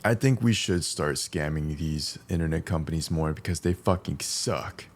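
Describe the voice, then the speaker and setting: A man's voice: a bass voice, normal speed, few pauses. A young man streaming as he cooks, chatting casually, swearing bluntly and humming little tunes between stories. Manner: blunt, swears freely, hums and sings between lines. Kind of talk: casual cooking stream chat.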